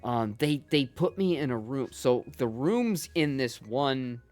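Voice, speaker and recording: Profane middle-aged man streaming, lively pitch. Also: takes it slowly, faint music behind. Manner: profane, rambling storytelling with many restarts. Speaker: gaming livestreamer. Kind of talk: casual chat with viewers.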